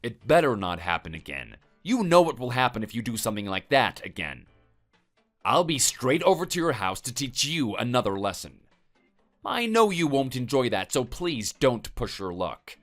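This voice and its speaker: Man, stern and threatening, lively pitch, text message story read. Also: moderate pace, faint music behind. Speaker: story voice for the husband.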